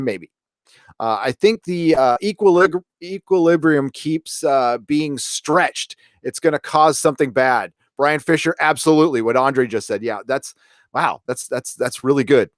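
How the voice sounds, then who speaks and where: A man hosting a casual live stream, reviewing an episode and reading out viewer comments in a rambling, relaxed way. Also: mid-range voice, no room sound, studio quality. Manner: rambling and relaxed, many fillers and restarts.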